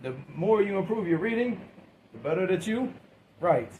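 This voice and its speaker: A man's voice: sits high, animated, normal speed, a little mellow, a little hiss or hum, poor audio. A man giving a classroom lecture, asking his students questions and waiting for answers, often repeating and restarting words in an informal way. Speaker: teacher.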